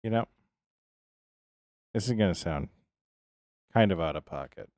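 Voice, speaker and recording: A man's voice: deep voice, expressive, measured pace, a little mellow, no room sound, studio quality. An American man live-streaming a building game, chatting casually with viewers and rambling between tasks as he answers them by name. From United States.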